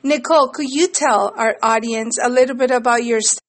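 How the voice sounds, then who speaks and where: High-pitched lady hosting a radio show, gushing intro, super enthusiastic. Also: brisk. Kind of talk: radio interview.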